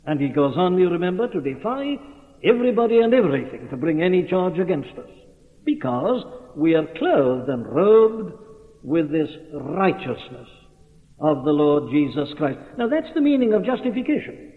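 Man preaching, lively pitch, tinny hall recording. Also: normal speed. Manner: earnest, emphatic, rising on key phrases. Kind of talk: sermon.

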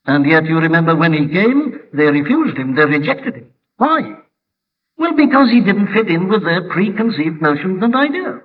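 Male preacher, emphatic and questioning, recorded from far back in a long-reverb hall. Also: a little high. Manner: rhetorical questions, emphatic build-ups. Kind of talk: sermon. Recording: distant phone-like hall recording.

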